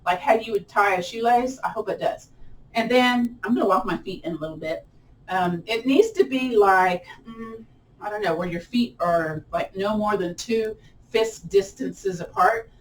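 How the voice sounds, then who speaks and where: A woman's voice: expressive, moderate pace, far from the mic, a little hiss or hum, rough recording. A woman leading a chatty guided yoga class, laughing often and letting her voice jump up when a stretch gets hard. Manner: playful, laughs often, pitch jumps up on effort. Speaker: yoga instructor.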